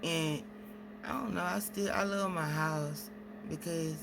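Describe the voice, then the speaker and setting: A woman's voice: deep voice, fairly even intonation, a little slow, creaky, background noise. A woman venting at length in a casual vlog, rambling through stories with quoted exchanges. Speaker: single mom vlogger.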